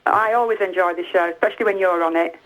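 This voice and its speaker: A woman's voice: on the low side, fast. A woman calling in to a phone-in show, outspoken and gossipy about the housemates. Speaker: caller. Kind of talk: phone-in call. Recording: phone line.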